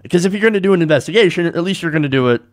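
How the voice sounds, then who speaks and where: A man's voice: on the high side, expressive, racing. A man hosting solo political commentary, reading news quotes aloud and reacting with sarcasm.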